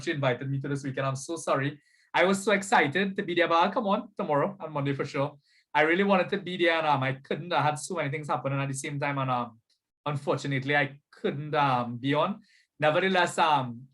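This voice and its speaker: A man's voice: on the high side, fairly bright tone. A man, a spiritual coach hosting an online workshop over a video call, chatty and upbeat, often asking "right?". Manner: chatty, upbeat, repeats "you understand?" and "right?". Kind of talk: casual online workshop talk.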